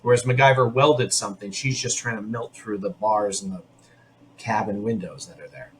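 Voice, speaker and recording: A man's voice: lowish voice, slight background noise. Chatty man hosting a podcast. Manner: chatty and opinionated, talking in quick bursts with restarts. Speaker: podcast host. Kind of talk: casual episode recap.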